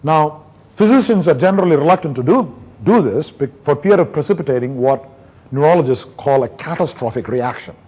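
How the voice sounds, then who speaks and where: A male neurologist from India giving a conference lecture, an animated storyteller who acts out the back-and-forth between doctor and patient. His voice sits fairly high for a man and has a husky edge. His pitch rises and falls widely from line to line. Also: fairly quick. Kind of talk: conference lecture with case anecdotes.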